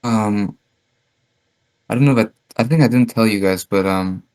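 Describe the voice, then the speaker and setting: Rambling young man, low voice. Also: moderate pace, a little mellow, clear, resonant tone. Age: young adult. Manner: rambling storytelling, constant "like" fillers; acts out quoted dialogue. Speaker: podcast co-host. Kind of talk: casual chat.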